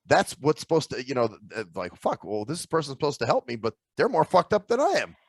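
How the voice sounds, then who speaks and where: A man with a gravelly voice and a lively, swinging pitch co-hosts a podcast chat. He tells stories casually and curses freely, recorded close and dry. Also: fast, no room sound. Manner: storytelling, profane. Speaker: podcast co-host.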